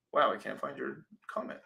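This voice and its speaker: A man's voice: medium pitch, gravelly, sharp tone. A young man hosting a casual crypto livestream, rambling loosely, swearing freely and reading out viewer super chats.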